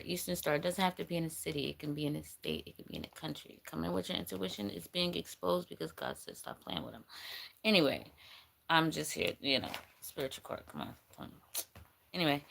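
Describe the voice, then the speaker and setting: A woman's voice: fairly low pitch, creaky, a bit bright, a little hiss or hum. A woman giving a rambling, blunt spiritual reading on a livestream, swearing casually as she goes. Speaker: spiritual reader.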